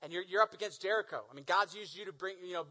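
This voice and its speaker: A man preaching a sermon, retelling the stories in animated, casual language full of slang. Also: high-pitched, very fast, rough recording. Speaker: pastor.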